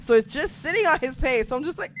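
A young woman on a podcast, telling stories in a casual, profane, animated way. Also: high voice, very noisy. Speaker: podcast co-host. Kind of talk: casual chat.

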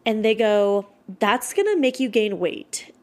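A woman's voice: mid-range voice, big pitch swings, unhurried, darkish tone. Chatty, swearing woman in her twenties. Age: 20s. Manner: candid, swears freely, many "like" fillers. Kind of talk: casual chat.

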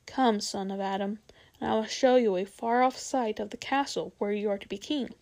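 A woman's voice: mid-range voice, steady tone, moderate pace, a little mellow, lightly acted. Aslan, grave lion king, read by a woman. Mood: solemn. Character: majestic male lion king, calm and solemn. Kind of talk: storybook reading aloud.

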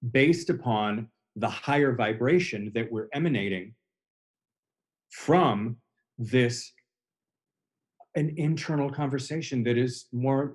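Earnest man coaching on a podcast. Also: mid-range voice. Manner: earnest, coaching, repeats phrases. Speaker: host. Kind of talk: recovery podcast conversation.

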